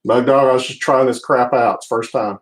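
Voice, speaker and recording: A man's voice: medium pitch, steady tone, a little fast, poor audio. A middle-aged man with a Southern US accent, rambling casually as he hosts a live stream from his home office. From United States. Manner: rambling, restarts often, laid-back.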